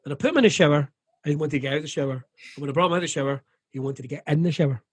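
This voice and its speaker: A middle-aged Scottish man talking frankly and animatedly, swearing freely and slipping into other people's voices as he tells it. His voice sits a touch high, and the sound is dry and close. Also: racing, breathy edge, no room sound. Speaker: comedian guest. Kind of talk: candid conversational interview.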